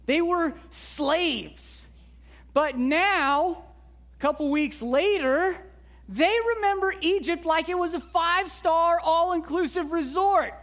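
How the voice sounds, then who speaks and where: A woman's voice: extremely high pitch, slow pace. A woman pastor giving a sermon in a conversational way, with frequent rhetorical asides to the congregation.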